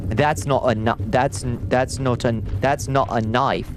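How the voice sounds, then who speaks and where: A man's voice: mid-range voice, steady tone, a little slow, noisy background, lightly acted. A man doing a hammy mock Australian bloke. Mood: fumbling. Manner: exaggerated, stumbling over the phrases.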